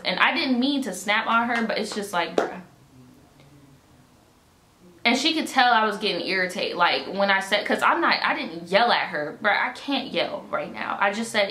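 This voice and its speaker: A woman's voice: mid-range voice, moderate pace. Exasperated woman venting in an echoey room. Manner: exasperated, profane, animated retelling with quoted dialogue. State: jaw pain, swollen jaw. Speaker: vlogger. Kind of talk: casual storytime vlog. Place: indoor room, at home. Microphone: camera mic. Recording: echoey room, faint ambient noise.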